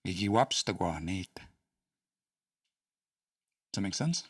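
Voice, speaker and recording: A man's voice: low-pitched, expressive, slow, husky, no echo, clean studio sound, distant mic. A man hosting a casual study session, thinking aloud with hesitant restarts and small chuckles. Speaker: host studying a language.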